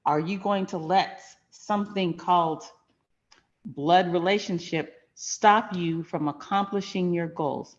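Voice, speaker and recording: A woman's voice: lowish voice, slow pace, highs cut off. A middle-aged woman hosting a finance channel, telling a personal story in a frank, emphatic, conversational way.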